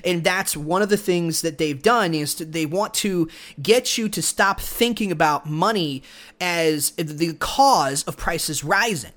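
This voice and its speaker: A man's voice: fairly high pitch, a little slow, fairly bright tone. A man hosting a solo podcast, giving opinionated, argumentative commentary straight to the listener. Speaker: podcast host.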